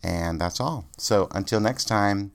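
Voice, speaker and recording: A man's voice: lowish voice, measured pace. A man hosting a casual solo podcast, rambling and thinking aloud with lots of ums and uhs. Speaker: podcast host.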